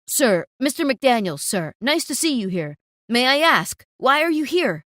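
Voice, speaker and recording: A blustering cafe manager yells and demands with a lively, swinging pitch, as a woman acts him out. He is loud and pompous, then cowers and pleads, in a dry close storytime read. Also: unhurried, dry recording, full character voice. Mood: groveling. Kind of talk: storytime narration.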